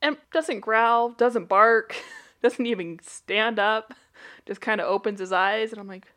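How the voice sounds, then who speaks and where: A young woman co-hosting a podcast from home over a call, telling lively stories in casual chat and laughing often. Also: a little high, measured pace. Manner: animated storyteller, laughs often. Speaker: podcast co-host. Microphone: remote call headset.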